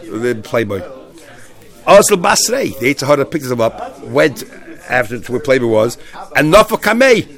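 A man teaching a Talmud class, retelling stories in a lively, halting way with many restarts. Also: mid-range voice. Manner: animated storyteller, many restarts and fillers.

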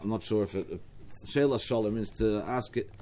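A man's voice: on the low side, fairly quick, mellow. A man with an Australian accent teaching a Talmud study class, explaining step by step with frequent restarts and asides.

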